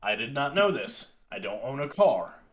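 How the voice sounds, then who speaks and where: A young man telling a story in a casual, animated and exasperated way, swearing often. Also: medium pitch, moderate pace. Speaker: podcast co-host telling a story.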